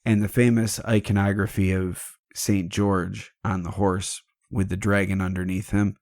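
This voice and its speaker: A man's voice: sits low, level tone, moderate pace, a little mellow, dry recording, studio quality. A man hosting a podcast, retelling a legend in a casual, irreverent and jokey way, swearing freely. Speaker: podcast host. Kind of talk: casual storytelling chat.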